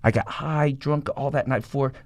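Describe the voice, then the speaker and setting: A middle-aged man telling a rough life story in an interview, in a rapid, profane and animated way. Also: mid-range voice, no echo. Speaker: guest.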